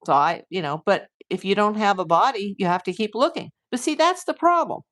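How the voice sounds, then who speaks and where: A woman's voice: medium pitch, lively intonation, a little fast, fairly bright tone. A woman hosting a live stream as a private investigator, talking through a case with emphatic, indignant rhetorical questions. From USA.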